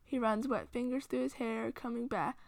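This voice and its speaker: A woman reading fan fiction aloud in a steady, hushed storytelling voice. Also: fairly high pitch, moderate pace, gravelly, no room sound. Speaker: reader.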